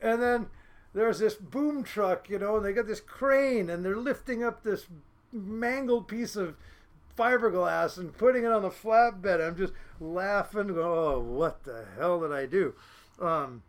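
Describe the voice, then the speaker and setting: A man from Seattle, a fishing boat captain, telling casual podcast stories in a lively way, full of fillers and laughs. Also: high-pitched, a little slow. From Seattle, United States. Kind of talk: casual storytelling.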